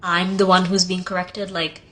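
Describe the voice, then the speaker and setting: A woman with a lowish, bright-toned voice talks to camera. She sounds exasperated and resigned. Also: little pitch movement, normal speed, poor audio. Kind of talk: casual talk to camera.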